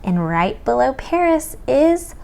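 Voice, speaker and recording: An American woman tutoring children through a map lesson, in a slow sing-song manner that sometimes drops to a whisper. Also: high-pitched, big pitch swings, vocal fry, a little mellow, smooth. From United States. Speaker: homeschool tutor teaching children.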